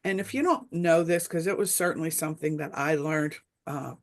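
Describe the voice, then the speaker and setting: A woman's voice: deep voice, a little fast. A middle-aged woman speaking as a webinar panelist, telling a reflective story in a casual discussion, with many fillers.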